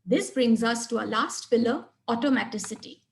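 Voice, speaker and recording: A teacher with a fairly high voice leads a webinar lecture, walking through the material step by step in a clear, measured way. She leans on single words to show how stress changes meaning.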